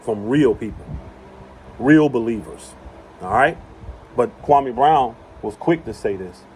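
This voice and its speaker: A man's voice: mid-range voice, lively intonation, takes it slowly, darkish tone, slight background noise. Emphatic man preaching outdoors. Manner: emphatic, repeats phrases for emphasis. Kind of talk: impassioned religious monologue. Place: outdoors on rural property.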